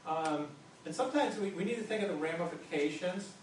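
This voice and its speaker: Man, pastor, sermon, slightly high voice, halting and repetitive delivery, very echoey hall, distant mic. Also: slight background noise. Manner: conversational, stammering restarts and repeated words.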